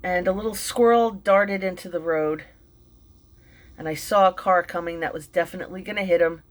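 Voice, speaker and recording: Halting, shaken woman telling a sad story. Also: on the low side. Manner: halting, many fillers and restarts. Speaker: vlogger and mindfulness teacher. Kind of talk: emotional personal storytelling.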